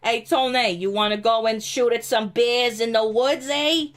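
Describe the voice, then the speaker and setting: A woman's voice: fairly high pitch, normal speed, pitched above the performer's own voice, lightly acted. A woman putting on a brash backwoods country guy. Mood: boisterous. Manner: crude, brash, twangy drawl. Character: rowdy backwoods rural man, crude and gun-happy.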